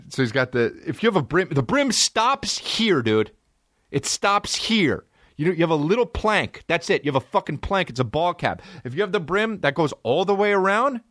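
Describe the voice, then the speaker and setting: A man's voice: medium pitch, a bit bright, dry recording, clean studio sound. A man hosting a solo comedy podcast, ranting and riffing with profane, exaggerated stories. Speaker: podcast host.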